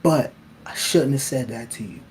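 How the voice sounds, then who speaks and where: Blunt, animated man, casual monologue. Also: mid-range voice, moderate pace, a little hiss or hum. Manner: laughs often. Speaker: host.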